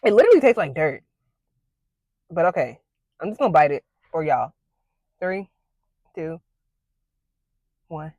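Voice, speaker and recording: This young woman's casual to-camera vlog comes in a deep, darkish, sing-song voice, a little slow and full of pauses, recorded dry. She sounds panicky, squealing and laughing nervously while leaning heavily on "like" and "y'all".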